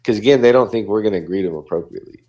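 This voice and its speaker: A man's voice: fairly low pitch, very fast, mellow. A man, a dog behaviorist, talking casually on a podcast and acting out what dogs and people say.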